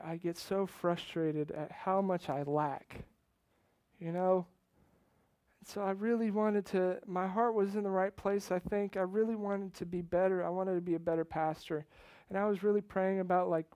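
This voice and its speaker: A man's voice: high voice, no echo. Male pastor, earnest sermon storyteller, dry close sound. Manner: earnest storytelling, swings from hushed to loud emotional outbursts.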